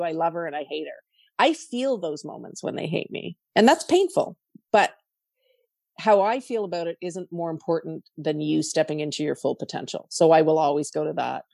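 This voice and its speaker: Middle-aged Canadian woman, low voice, animated storyteller, dry close recording. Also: gravelly, no room sound. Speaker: podcast guest, coach. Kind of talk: casual interview talk.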